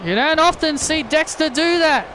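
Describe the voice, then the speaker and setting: A man giving excited play-by-play commentary over a wrestling video game, often shouting his calls. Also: very high voice, moderate pace. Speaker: gaming commentator. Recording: loud game crowd and noise behind. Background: wrestling game crowd noise.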